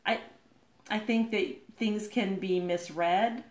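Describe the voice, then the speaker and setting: A sociable woman in relaxed conversation who laughs easily and talks earnestly about what matters to her. Her voice sits at a middling pitch and carries a noticeable room echo. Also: slow. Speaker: guest. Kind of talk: casual conversation.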